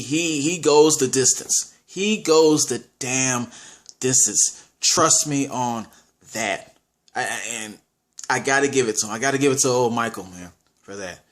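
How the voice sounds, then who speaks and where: Animated man casually reviewing a movie. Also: mid-range voice. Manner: animated, restarts often, acts out his reactions.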